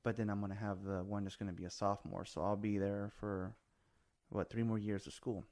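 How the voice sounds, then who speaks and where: A man's voice: fairly low pitch, little pitch movement, a little fast, darkish tone. A man in his forties hosting a casual chat, telling stories animatedly and swearing freely, with bits of Spanish. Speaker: podcast host.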